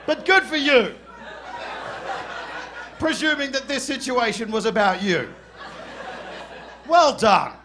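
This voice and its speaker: A man with an Australian accent doing a stand-up comedy set on a club stage, loud, brash and profane, often shouting and laughing into a handheld mic. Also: very high-pitched, lively intonation, slow pace, long pauses, some chatter behind, a little hiss or hum.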